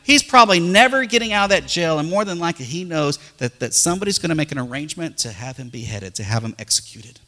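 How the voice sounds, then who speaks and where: A middle-aged pastor tells folksy stories in an animated sermon, his voice pitched a touch high. His tone is bright and clear. His words ring out into a long church-hall reverb. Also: fast talker, few pauses.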